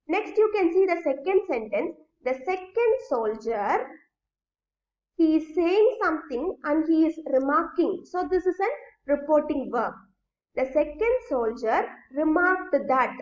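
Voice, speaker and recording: A woman teacher giving a recorded grammar lesson. She goes slowly, step by step, and often checks that students follow. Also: very high-pitched. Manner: slow, explains step by step, checks understanding. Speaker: school English teacher. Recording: echoey room, dull lo-fi sound.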